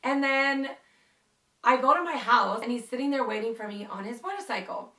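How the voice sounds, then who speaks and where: A woman's voice: on the high side, normal speed, distant mic. Chatty young woman, echoey room. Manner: chatty, animated, lots of "like". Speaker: YouTuber telling a story. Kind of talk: casual storytime vlog.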